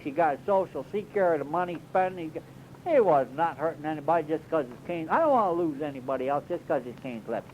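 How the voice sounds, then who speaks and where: A man's voice: fairly high pitch, slight background noise. A man doing a comic monologue as a cave tour guide, rambling in a folksy drawl with bouts of mock alarm. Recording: dull lo-fi recording.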